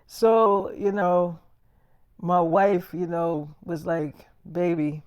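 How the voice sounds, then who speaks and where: A man's voice: sits high, steady tone, extremely slow, smooth, dry recording, highs cut off. A man telling an improvised story in a casual, slangy, rambling way, often stumbling and restarting his words.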